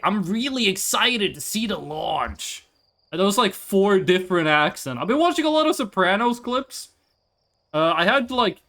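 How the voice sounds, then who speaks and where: Talking into a desk mic, a man livestreams a game in a high, very lively voice. He rambles, jokes, and swears casually while working things out as he plays.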